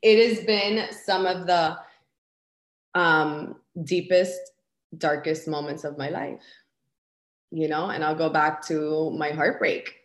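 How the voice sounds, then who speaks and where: A woman's voice: sits low, fairly even intonation, slow. A woman guest sharing candidly in conversation, raw and intense, swearing often as she talks about spirituality. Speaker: podcast guest. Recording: roomy echo.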